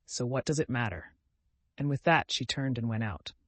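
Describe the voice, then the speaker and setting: A man's voice: moderate pace, no echo. A man narrating a novel as an audiobook reader, lifting his voice for the quoted family members. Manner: raises pitch and volume for quoted family members. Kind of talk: scripted narration.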